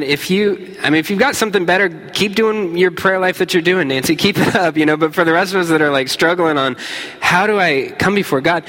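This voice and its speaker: Earnest pastor preaching in a hall. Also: male voice, fairly high pitch, sharp tone. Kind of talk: sermon. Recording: hall reverb.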